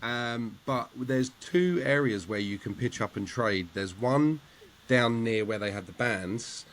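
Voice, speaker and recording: A man's voice: medium pitch, expressive, measured pace. A man telling laughing anecdotes in a casual group chat. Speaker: filmmaker and guest.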